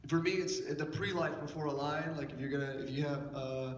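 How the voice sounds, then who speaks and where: A man's voice: a little high, fairly quick. Brief: upbeat male voice actor guest, laughs a lot, distant audience-camera audio in a reverberant hall. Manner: laughs often, playful and animated. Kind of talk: casual panel talk. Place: large convention panel hall. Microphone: audience camera from far back. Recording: echoey hall from far off, noisy.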